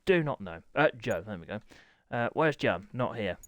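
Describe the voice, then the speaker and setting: A man's voice: mid-range voice, animated, moderate pace, fairly bright tone, no echo. Young male host, harried and apologetic, streaming a racing league to chat, close dry sound. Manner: harried, apologetic, talking to chat while setting up. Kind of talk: live-stream chat to viewers.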